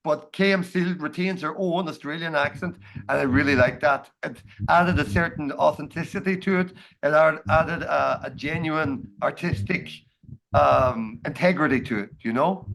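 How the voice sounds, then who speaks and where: A Donegal Irish man talks through a song he admires in a casual chat. He is keen but halting, full of ums and restarts. His voice sits a touch high, and the video-call audio carries a faint hiss under it. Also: vocal fry, a bit bright, poor audio. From Ireland, Donegal. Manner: enthusiastic, halting with many fillers. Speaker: guest reviewer. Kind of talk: casual spoken song review.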